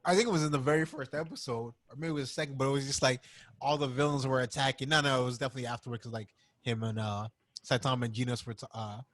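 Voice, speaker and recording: A man's voice: mid-range voice, steady tone, rapid-fire, fairly bright tone, dry recording. A man co-hosting a casual podcast chat, telling stories in a laughing, slangy manner. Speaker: podcast co-host.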